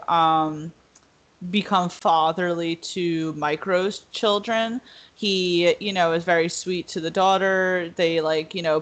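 A woman's voice: lowish voice, fairly bright tone. A young woman in casual chat, rambling with lots of fillers and acting out quotes. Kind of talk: casual podcast discussion.

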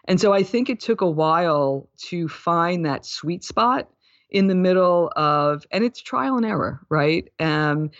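A woman's voice: fairly low pitch, dry recording. Reflective woman in her fifties, lo-fi. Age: 50s. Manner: earnest, thoughtful, laughs lightly at herself. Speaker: guest, wellness coach. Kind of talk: reflective interview storytelling. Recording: dull, lo-fi, dry sound.

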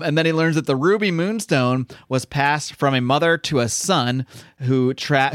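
A man co-hosting a casual comic-book podcast, recapping the story in animated bursts, stammering and acting out the characters in quick asides. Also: medium pitch, no echo, studio quality. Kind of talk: casual chat.

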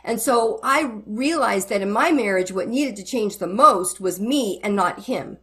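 A woman's voice: mid-range voice, unhurried. A middle-aged woman, a guest who counsels wives, speaking frankly and earnestly in a candid interview. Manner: earnest and frank, retells conversations with animated quoting.

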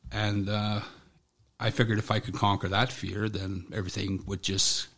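A middle-aged man recounts his military years in an interview. His voice sits low and has a gravelly edge. He speaks bluntly, swears freely and often restarts his sentences. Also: level tone, a bit bright. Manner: blunt, profane, halting. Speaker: military veteran guest. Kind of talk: personal account in an interview.

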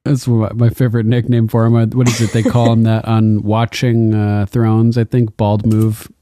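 A man's voice: lowish voice, completely flat delivery, moderate pace, dark tone, no room sound. A man co-hosting a casual TV recap podcast, laid-back and joking, chuckling often. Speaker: podcast co-host.

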